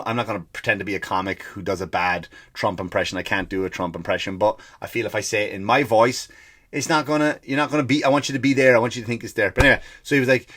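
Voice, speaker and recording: A man's voice: on the low side, a bit bright. A man hosting a comedy podcast, ranting in a profane, sarcastic monologue.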